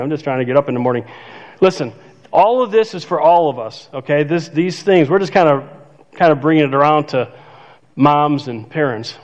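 An older man preaching a sermon as pastor, conversational and self-joking, laughing at his own remarks. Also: fairly high pitch. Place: church sanctuary. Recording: dull reverberant church hall.

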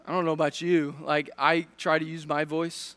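A man's voice: on the high side, little pitch movement, normal speed, a bit bright. A man preaching a sermon as a pastor, speaking directly to his congregation with searching questions and frequent restarts. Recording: long reverb of a large hall.

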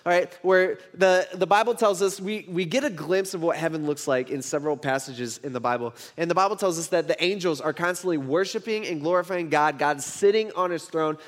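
A man preaching a sermon in a conversational way, often repeating words and asking his listeners questions. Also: sits high. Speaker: pastor.

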